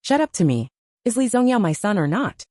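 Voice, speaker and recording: A woman's voice: medium pitch, very animated, a little fast, mellow, dry recording, clean studio sound. A woman voicing a furious old man who roars harsh insults, in a storybook reading.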